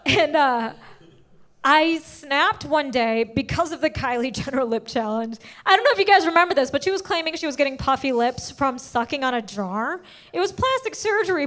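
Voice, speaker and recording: A woman's voice: sits high, animated, fairly quick, fairly bright tone. A young adult woman doing a stand-up comedy set, brash and profane, acting out the people in her stories. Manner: brash, profane, acts out quoted voices. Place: comedy stage before a live audience.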